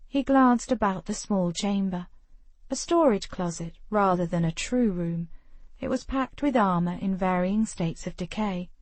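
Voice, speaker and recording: Brief: female audiobook narrator, mid-pitched, expressive, very dry close recording. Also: unhurried, dry recording. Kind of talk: scripted narration.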